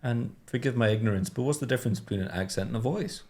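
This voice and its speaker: A man co-hosting a comedy podcast, dry and deadpan. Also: mid-range voice, a little hiss or hum. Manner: dry, deadpan, slow jokes. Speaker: podcast co-host.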